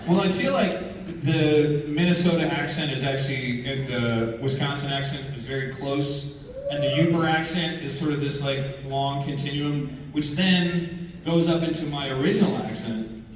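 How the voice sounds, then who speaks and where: A man's voice: fairly high pitch, moderate pace. A Canadian man with a Canadian accent chatting playfully on a convention panel, often joking. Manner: joking, playful, does voices. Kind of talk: casual panel chat. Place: large convention hall. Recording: echoey hall from far off, audible room noise.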